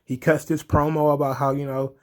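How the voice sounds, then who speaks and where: A man with a slightly higher-than-usual voice recaps a wrestling show in loose, casual commentary. He is excitable and chuckles often, swearing freely as he rambles through the highlights. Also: fairly quick.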